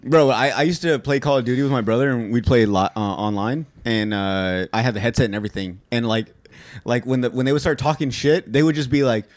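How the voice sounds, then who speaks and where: A man co-hosting a casual podcast, telling jokey stories and doing quick asides into a close mic. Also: medium pitch, dry recording. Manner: joking, storytelling, quick asides. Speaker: podcast co-host. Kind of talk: casual chat.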